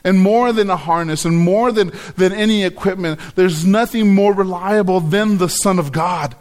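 A man's voice: high voice, moderate pace, darkish tone. A middle-aged man preaching a sermon, telling a personal story and acting out his own reactions. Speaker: pastor.

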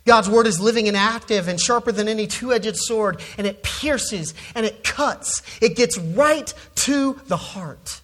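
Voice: mid-range voice, unhurried, hardly any pauses, a bit bright. A preacher giving an expository sermon, stressing key words and often repeating words when restarting a phrase.

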